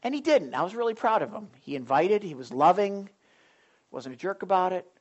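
Animated male preacher. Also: high voice, brisk, highs cut off. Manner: animated storytelling, acts out his own thoughts. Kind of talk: sermon.

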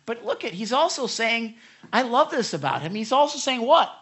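A middle-aged pastor preaches with a bright, ringing tone and lively swings from booming emphasis to hushed confessions. He talks candidly and pokes fun at himself, keeping the sermon personal and animated. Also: moderate pace, slightly rough. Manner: animated, candid, self-deprecating, swinging loud to soft.

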